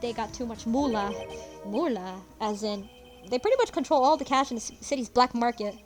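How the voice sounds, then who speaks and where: A woman reading the lines of a gruff, folksy male police detective in a fan voice-over of a game, calling everyone pal. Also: a little high, animated, brisk, soft background music, natural voice. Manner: casual tough-guy talk, calls people pal.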